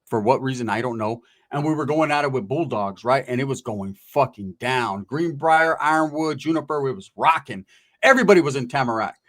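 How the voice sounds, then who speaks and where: A guest with a medium-pitched, animated, slightly bright voice tells prison stories at a brisk clip. He speaks casually in profane street slang and acts out the voices of the people he quotes.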